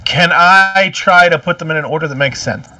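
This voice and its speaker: A man's voice: on the high side, moderate pace, distant mic. A man playing in a tabletop game, joking and talking casually with the group. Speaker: player.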